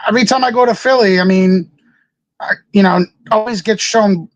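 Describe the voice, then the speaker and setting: A man's voice: high voice, moderate pace, no echo, lo-fi sound. A man, a wrestler guest on an interview show, telling a rambling story and acting out what others said. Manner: loose, rambling, laughs often.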